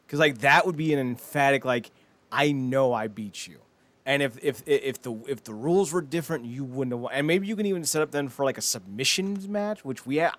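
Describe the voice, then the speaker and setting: A man co-hosts a wrestling podcast, chatting casually and eagerly, packing his speech with fillers and quoted asides. His voice is mid-range with a fairly bright tone.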